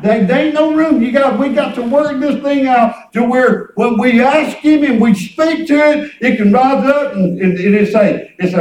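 A man's voice: very high-pitched, lively intonation, unhurried, a little mellow, reverberant, far from the mic, poor audio. A man preaching a sermon in a folksy storytelling way, acting out conversations. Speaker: pastor. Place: church hall.

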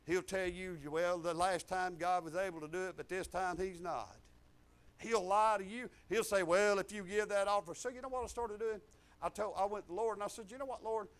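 A middle-aged man preaching a testimony sermon, swinging from shouted declarations to low, confiding asides. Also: steady tone, a little fast.

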